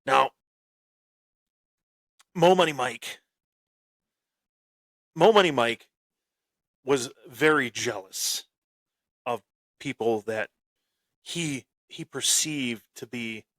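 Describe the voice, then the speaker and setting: Slow boastful man, dry close sound. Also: mid-range voice, dry recording. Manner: boastful heel bravado with sudden loud bursts; repeats and restarts phrases. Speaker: podcast host. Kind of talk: boastful storytelling on a wrestling podcast.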